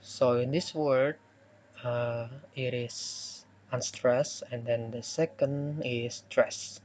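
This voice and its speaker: A man's voice: medium pitch, fairly even intonation, slow pace, darkish tone. A young man whose first language is Indonesian, presenting a poem analysis for a class assignment in a hesitant way, with frequent fillers and self-corrections.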